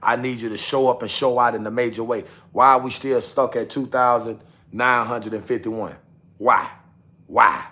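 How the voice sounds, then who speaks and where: A man's voice: mid-range voice, fairly even intonation, normal speed, a bit bright. Man livestreaming, repetitive and coaxing. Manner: repetitive, coaxing viewers, talks straight to chat. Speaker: livestream host. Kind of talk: casual livestream chat.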